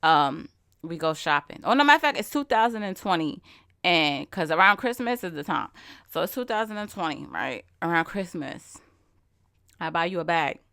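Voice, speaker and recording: A woman's voice: on the low side, lively intonation, normal speed, gravelly, fairly bright tone, smooth, no room sound, clean studio sound. A woman hosting a podcast, talking in a casual, emphatic way and asking rhetorical questions. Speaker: podcast host. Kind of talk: casual solo podcast monologue.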